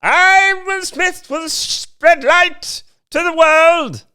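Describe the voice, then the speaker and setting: Mocking bit: South African man playing a self-important star, shrill and booming. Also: extremely slow, heavily acted. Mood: grandiose. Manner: loud, high-pitched, proclaiming. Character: grandiose male movie star, self-important.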